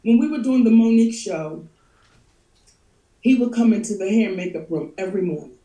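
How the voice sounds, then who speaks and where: A middle-aged woman telling stories as a guest in a casual chat, animated, laughing often and cursing freely. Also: mid-range voice, fairly quick, distant mic. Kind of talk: storytelling chat. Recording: echoey room.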